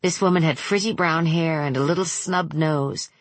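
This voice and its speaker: A female audiobook narrator reads scripted narration in a measured, steady manner, her voice low and husky. The recording is close, completely dry, with no echo.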